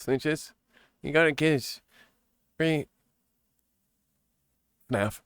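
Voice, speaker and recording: A man's voice: mid-range voice, big pitch swings, slow, long pauses, clear, resonant tone, no echo, clean studio sound. A man streaming live, chatting casually and playfully, giggling often and reading viewer comments aloud.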